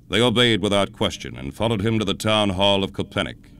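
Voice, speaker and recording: A man hosting a radio show, telling a historical story in a measured, dramatic scripted narration. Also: fairly low pitch, animated, fairly bright tone, clean tone.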